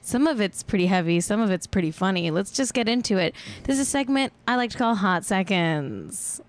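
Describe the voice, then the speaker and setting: A woman's voice: medium pitch, lively intonation, a little fast. A woman in her thirties from California hosting a casual celebrity gossip chat, joking and laughing often. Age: 30s. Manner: chatty, jokey, laughs often. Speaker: podcast host.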